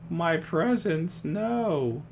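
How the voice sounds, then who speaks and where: A man's voice: a little high, lively intonation, very slow, darkish tone. Young man, podcast co-host, casual rambling chat, laughs a lot, restarts his sentences.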